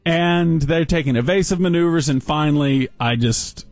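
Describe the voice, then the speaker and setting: A man telling a story on a casual talk show, wry and deadpan, with dry sarcasm. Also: on the high side, moderate pace, no echo.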